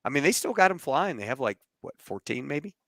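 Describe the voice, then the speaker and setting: A man's voice: mid-range voice, big pitch swings, a little fast, vocal fry, a bit bright, dry recording, clean studio sound. A man hosting a podcast, telling an anecdote in a casual way and acting out the quoted voices. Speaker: podcast host. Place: lives in Texas.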